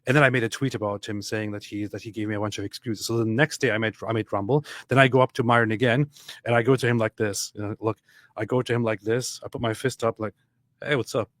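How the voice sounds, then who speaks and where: A man co-hosting a podcast, telling an anecdote in casual chat, animated and acting out what others said. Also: fairly low pitch, quick pace, dry recording, studio quality. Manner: animated, acts out quotes, frequent restarts. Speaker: podcast co-host.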